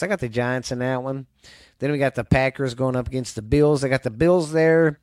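A man with a Southern US drawl chats casually on his sports podcast, wandering from one thought to the next and dropping the odd swear word. His voice sits at an ordinary middle pitch and sounds dry and close, with no room around it. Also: no room sound. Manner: rambling, loose, swears casually. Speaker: podcast host.

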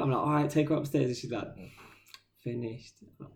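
A tired man tells stories on a podcast in slangy casual chat. His voice is dark and gravelly with creaky fry, and he drops into playful impressions of the people he quotes. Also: medium pitch, steady tone, fast. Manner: laid-back storyteller, slangy, acts out quotes. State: tired, yawning. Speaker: podcast co-host.

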